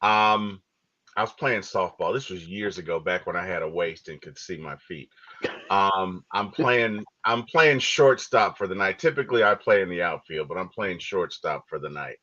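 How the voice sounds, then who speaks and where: A man co-hosting a podcast, chatting casually about a movie and telling stories with lively acted-out quotes. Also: deep voice, normal speed. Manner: animated storytelling, acts out quotes. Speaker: podcast co-host. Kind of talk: casual movie review chat. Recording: dull lo-fi audio.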